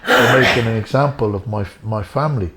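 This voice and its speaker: Speaking a little fast with a fairly bright tone and a slight hiss or hum on the recording, this former boxer from Ireland, middle-aged and medium-pitched, shares emotional stories during an interview. Earnest and repetitive for emphasis, he addresses the host by name.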